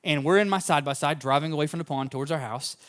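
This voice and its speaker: Slightly high-voiced man preaching. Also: very fast. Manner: fervent at the open, then relaxed anecdotal storytelling. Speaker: pastor. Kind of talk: sermon with personal storytelling.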